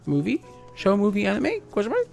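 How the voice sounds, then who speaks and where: A man's voice: high voice, wildly swooping pitch, brisk, vocal fry, a little mellow, soft background music. A tipsy man chatting casually while streaming a game, rambling with lots of fillers.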